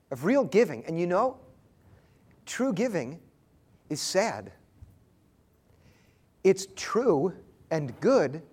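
Earnest, high-voiced male preacher. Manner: earnest storytelling with emphatic pauses. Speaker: pastor. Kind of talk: sermon.

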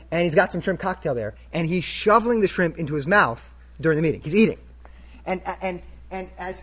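A man giving a sermon as a story, talking casually and asking the audience questions. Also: high voice. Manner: conversational, asks the audience questions. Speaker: preacher.

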